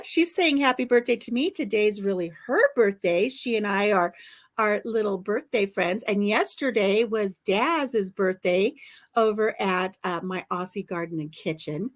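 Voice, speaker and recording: An older woman hosting a casual livestream chat, telling stories warmly and laughing often. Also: on the high side. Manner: chatty storyteller, laughs often. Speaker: livestream host.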